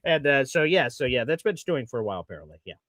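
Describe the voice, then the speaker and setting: A man hosting a casual live call-in sports show, animated and jokey, tossing in sound effects as he talks. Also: medium pitch, racing, no room sound, clean studio sound. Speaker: show host and team reporter.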